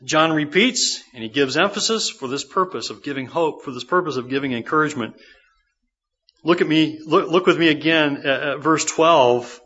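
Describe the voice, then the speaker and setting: Conversational preacher, bright lo-fi. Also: male voice, a little high, normal speed, breathy edge. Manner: conversational preaching, rhetorical questions to the congregation. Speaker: pastor. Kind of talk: sermon. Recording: dull lo-fi sermon recording.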